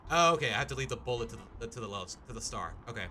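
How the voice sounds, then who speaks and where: A man's voice: medium pitch, very fast. A man streaming a game live, joking around and chatting to his viewers as he plays. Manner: animated, jokey, chats to viewers. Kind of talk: live gameplay commentary. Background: game music.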